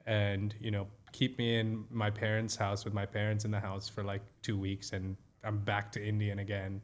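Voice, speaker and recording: A man's voice: on the low side, monotone, moderate pace, slight background noise. A man from Nigeria co-hosting a podcast, trading jokey banter and laughing often. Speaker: podcast co-host. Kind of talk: casual chat.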